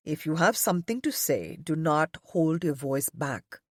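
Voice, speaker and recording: A woman's voice: low-pitched, animated, measured pace, no room sound, clean studio sound, pitched below the performer's own voice. A woman voicing a stern, commanding man. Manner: curt, clipped orders. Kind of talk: audiobook character voice.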